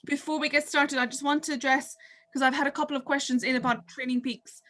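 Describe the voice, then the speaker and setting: A woman's voice: high-pitched, steady tone, quick pace, a bit bright. An Irish woman hosting an online training programme, giving casual housekeeping notes with many fillers. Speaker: programme host.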